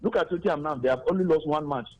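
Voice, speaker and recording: Husky caller on a muffled phone line. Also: male voice, a little high, very fast, darkish tone. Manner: emphatic, repeats himself. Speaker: radio caller.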